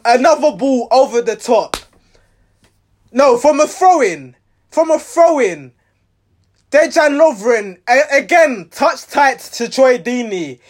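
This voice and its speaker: A man giving a rambling, exasperated reaction to his team's match, restarting his sentences often. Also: extremely high pitch. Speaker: football fan reviewing a match.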